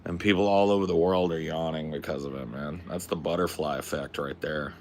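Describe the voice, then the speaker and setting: A man's voice: extremely low pitch, steady tone, fairly quick, darkish tone, slight background noise. A young adult man from the Pacific Northwest, streaming and chatting casually with his viewers in a laid-back, slangy way that is full of swearing. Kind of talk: casual livestream chat.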